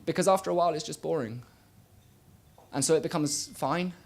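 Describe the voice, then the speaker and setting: A young man performing a spoken word poem on a small stage, rhythmic, swinging from loud bursts to quiet murmurs. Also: on the high side, fairly quick, vocal fry. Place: small live venue stage.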